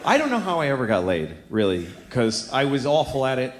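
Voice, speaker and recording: Brisk and crude, a man performs a confessional stand-up set in a comedy club, his pitch bouncing as he tells stories to a live audience. A handheld mic picks him up in an echoey space full of ambient sound.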